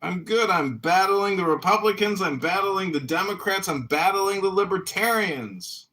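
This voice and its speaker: A man's voice: sits high, lively intonation, moderate pace, sharp tone. A man hosting a casual online audio chat, greeting people effusively and repeating catchphrases. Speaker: political candidate hosting an audio chat room.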